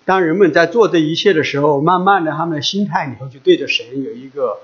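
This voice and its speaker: A man's voice: on the high side, quick pace. Man interpreting a sermon, muffled sound. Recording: dull lo-fi recording.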